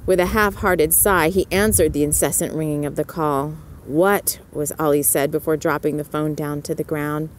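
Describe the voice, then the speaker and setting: A woman narrating a story in a soft whispered role-play, lifting her voice for the characters. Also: low-pitched, fairly even intonation, normal speed, hardly any pauses, slight background noise.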